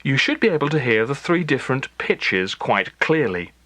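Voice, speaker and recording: A man teaches a recorded language lesson, his voice animated in pitch and recorded dry and close. He explains each step clearly and at a measured pace. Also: dry recording. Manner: clear, measured instructional delivery. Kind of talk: scripted lesson narration.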